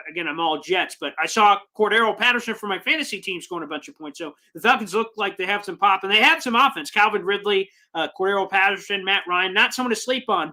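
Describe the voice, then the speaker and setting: A man hosts a live fan stream for sports supporters, reading out viewer comments. He's emotional and excited, talking with high energy in a passionate, rambling way.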